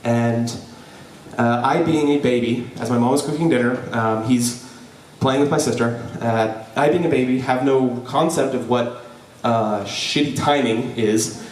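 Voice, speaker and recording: A young man telling a personal story live before an audience, lively and joking, with frequent "right?" asides to the crowd. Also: mid-range voice, unhurried. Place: event hall before an audience. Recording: roomy hall, voice from a distance.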